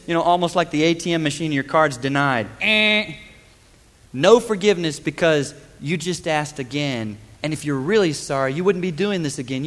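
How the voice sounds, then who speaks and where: High-voiced preacher in a reverberant hall. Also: male voice. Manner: preaching, swings from loud to hushed. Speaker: pastor. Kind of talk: sermon.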